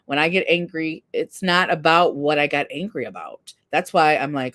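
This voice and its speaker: A woman's voice: low voice, expressive, normal speed, hardly any pauses, a bit bright. A woman in her fifties hosting a casual live stream, talking candidly and earnestly while reading viewer comments. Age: 50s. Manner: candid, earnest, self-deprecating.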